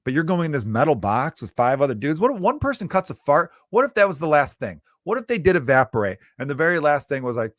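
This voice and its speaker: A man's voice: on the high side, sing-song, fast talker, hardly any pauses, no room sound. Profane ranting man, dry close sound. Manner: profane, riffing, exasperated ranting. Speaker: podcast host and stand-up comedian. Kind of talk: comedic solo rant. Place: lives in Chicago.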